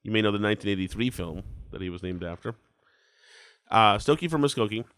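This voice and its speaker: A man's voice: on the low side, animated, fast talker, fairly bright tone, no echo. A man in his forties hosting a casual podcast, rambling and self-deprecating, with a head cold that makes him sound congested. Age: 40s. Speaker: podcast host.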